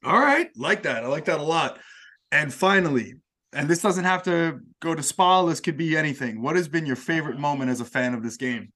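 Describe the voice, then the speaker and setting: A man's voice: a little high, lively intonation, brisk, pushed and bright. A man hosting a casual interview, asking rambling questions full of fillers. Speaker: podcast host.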